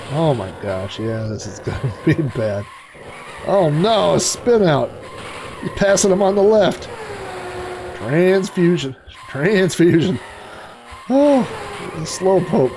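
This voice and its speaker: A man's voice: fairly high pitch, a little mellow, slight background noise. A middle-aged man streaming retro racing games, chatting in a rambling way and cracking dad jokes. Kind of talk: casual live-stream commentary.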